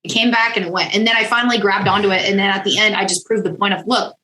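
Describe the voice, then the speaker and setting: A woman's voice: medium pitch, steady tone, very fast, sharp tone, reverberant. A woman who works as an on-camera confidence consultant, a guest speaking casually in an upbeat, encouraging coaching tone. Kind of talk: casual interview chat.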